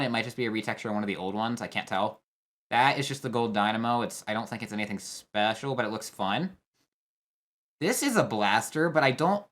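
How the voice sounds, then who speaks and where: A man's voice: mid-range voice, fairly bright tone. Rambling young man reacting casually. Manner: rambling, thinks aloud with fillers and restarts. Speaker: competitive player reacting to a trailer. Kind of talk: casual video commentary.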